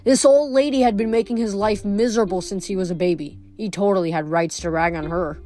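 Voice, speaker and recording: A woman reading a novel aloud in a steady, expressive narration. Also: medium pitch, fairly quick, faint music behind. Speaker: audiobook reader.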